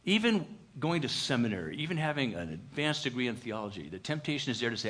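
A pastor delivering a conversational sermon in church, animated and full of "uh" fillers. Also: male voice, medium pitch, quick pace.

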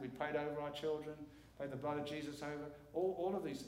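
Middle-aged guy preaching, earnest, repeats stuff for emphasis, slightly high voice, echoey church mic. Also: fairly even intonation, a little fast, hardly any pauses, darkish tone. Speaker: guest preacher. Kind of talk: sermon. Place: church sanctuary.

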